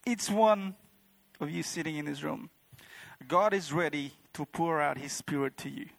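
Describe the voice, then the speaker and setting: At normal speed and in a slightly high, gravelly, somewhat bright voice, a man tells his church about his personal experiences. The testimony is rambling yet heartfelt, leaning heavily on fillers such as "like" and "you know." The recording is dry.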